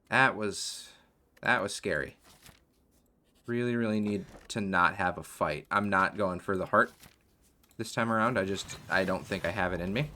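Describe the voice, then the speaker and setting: A man's voice: low-pitched, sharp tone. A man commentating his own card game play, muttering card names and worried asides as he goes. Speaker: gaming video host. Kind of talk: gameplay commentary.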